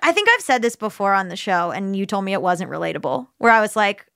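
A woman co-hosting a podcast in casual chat, animated and often laughing, on a studio microphone. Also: mid-range voice, fast, clear, resonant tone, dry recording. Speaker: podcast co-host.

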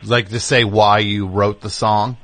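A man's voice: fairly low pitch, unhurried, no echo. A man hosting a call-in radio show, chatting loosely with callers in a rambling way full of fillers. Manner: relaxed, rambling, many fillers. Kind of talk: casual call-in chat.

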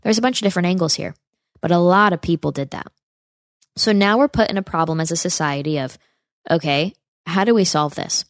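Low-voiced woman, sarcastic podcast host. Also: a little fast, no room sound, studio quality. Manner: emphatic, sarcastic rhetorical questions. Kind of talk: political commentary monologue.

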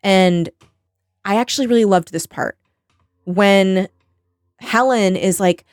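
A woman's voice: mid-range voice, slow, pauses often, no echo, studio quality. A woman in her thirties casually recapping a novel's plot as a podcast co-host, rambling, swearing and quoting characters. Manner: rambling plot summary with quoted voices and swearing. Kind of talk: casual book recap chat.

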